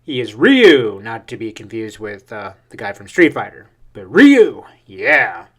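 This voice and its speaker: A man hosting a casual manga reaction, talking excitably with frequent fillers as he reads through pages. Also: mid-range voice, measured pace, gravelly. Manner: excitable, hyped, lots of uh fillers.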